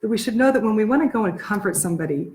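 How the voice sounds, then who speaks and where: A woman who is a therapist, teaching a Talmud passage, retelling its stories with lively quoted dialogue and thinking aloud with restarts. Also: medium pitch, very fast.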